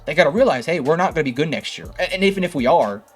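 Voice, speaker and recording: A young man delivers an opinionated sports analysis monologue with sarcastic bite, throwing rhetorical questions at rival fans. His voice sits a bit high for a man. Faint music plays underneath. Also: lively intonation, very fast, husky. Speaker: sports commentary host.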